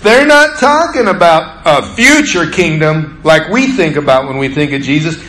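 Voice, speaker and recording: Animated preaching man in echoey hall. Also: fairly high pitch, moderate pace. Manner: animated preaching, acting out scripture with a volunteer. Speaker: pastor. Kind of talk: sermon.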